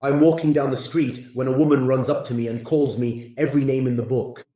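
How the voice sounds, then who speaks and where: A man reading a string of short jokes aloud in a flat, scripted way. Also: medium pitch, brisk, roomy sound, rough recording. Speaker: joke narrator.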